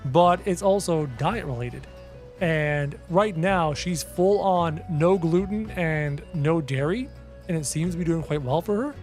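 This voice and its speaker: A man streaming a game and chatting casually with viewers, a projecting, energetic talker with faint game music behind. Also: a little high. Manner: projects his voice, loud and energetic. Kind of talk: casual live-stream chat.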